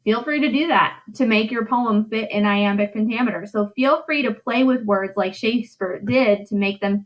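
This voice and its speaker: A high school English teacher gives a recorded lesson in a voice on the high side, speaking at normal speed with few pauses. She draws out syllables and checks in with "right?", and the recording quality is rough.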